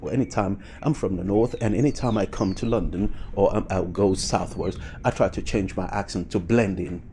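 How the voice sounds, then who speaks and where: Man, deep mellow voice, reflective, halting with fillers, faint outdoor ambience. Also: a little hiss or hum. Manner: reflective, with frequent fillers and restarts. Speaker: vlogger. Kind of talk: casual commentary.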